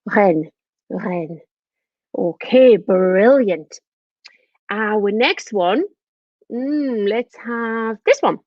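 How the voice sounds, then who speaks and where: A woman teaching French words to children in an online lesson, repeating each word in a lively, sing-song way. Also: a little high, very slow, dry recording, muffled recording.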